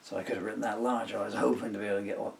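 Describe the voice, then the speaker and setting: Older man with a low gravelly voice. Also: little pitch movement, very fast, far from the mic, a little hiss or hum. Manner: meandering, self-interrupting, muttered asides. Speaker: songwriter. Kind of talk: casual rambling talk while writing a song. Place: home recording studio.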